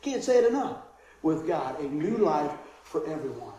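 A middle-aged man, a pastor, preaching a sermon and telling a childhood story, animated and laughing, with voices for the people in it. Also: on the high side, moderate pace. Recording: very echoey hall.

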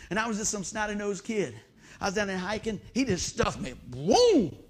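A middle-aged pastor with a notably high voice, preaching to his congregation in a church. He tells homespun stories and drops to near-whispers before bursting out loud. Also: very animated, normal speed. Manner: folksy storytelling with dramatic swings between soft and loud. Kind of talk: sermon.

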